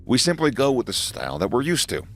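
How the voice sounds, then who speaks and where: A man's voice: medium pitch, wildly swooping pitch, fast. A man narrating an educational explainer in a conversational way, with small asides and chuckles.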